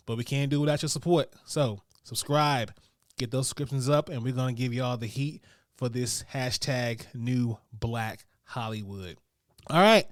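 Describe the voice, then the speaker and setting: A man hosting his own podcast, giving quick hyped reviews in a slangy style that speaks straight to his listeners. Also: mid-range voice, no room sound, clean studio sound. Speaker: podcast host. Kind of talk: casual podcast chat and rapid review rundown.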